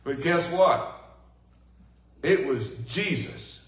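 A middle-aged man preaching a sermon in a folksy, animated way, swinging from loud bursts to hushed asides. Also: a little high, extremely slow. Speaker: pastor. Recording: echoey room from a distant mic.

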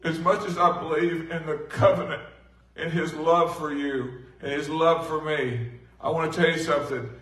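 A middle-aged man preaching a sermon in a folksy, animated way, swinging from loud bursts to hushed asides. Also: on the high side, normal speed. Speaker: pastor. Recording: echoey room from a distant mic.

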